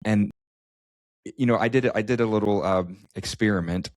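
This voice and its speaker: A man's voice: fairly low pitch, normal speed, no room sound, clean studio sound. A man co-hosting a podcast, telling a personal story in casual chat with many restarts and stammers. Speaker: podcast co-host.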